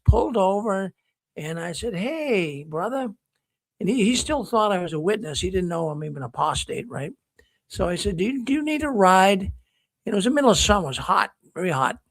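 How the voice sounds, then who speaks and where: A man's voice: high voice, no room sound. A man hosting a live call-in show, talking casually and rambling through stories with many restarts. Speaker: host of a call-in livestream show.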